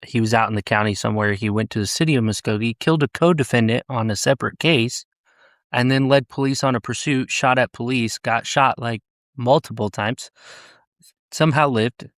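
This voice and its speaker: A man tells stories from his police work in a loose, blunt and profane way, and now and then he does the voices of the people he dealt with. His pitch sits in the middle range, and he is heard close on a dry mic with no room sound. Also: moderate pace, a bit bright, dry recording. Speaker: police officer, podcast guest. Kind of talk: casual storytelling chat.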